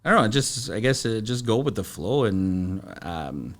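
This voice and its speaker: A middle-aged man, a podcast guest, telling stories in a halting, plain-spoken way full of fillers and restarts. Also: on the low side, big pitch swings. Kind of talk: casual storytelling.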